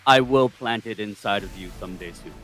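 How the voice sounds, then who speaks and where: A man's voice: fairly low pitch, a little fast, music in the background, close to an everyday voice. A man voicing a doting male vampire lord in plain, casual speech. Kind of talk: murder mystery role-play.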